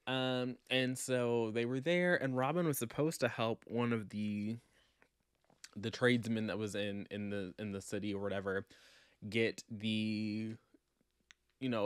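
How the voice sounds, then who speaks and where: Sassy, lively male book vlogger. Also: on the low side, smooth, dry recording, studio quality. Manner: animated, sassy storytelling with acted quotes. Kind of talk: casual reading vlog recap.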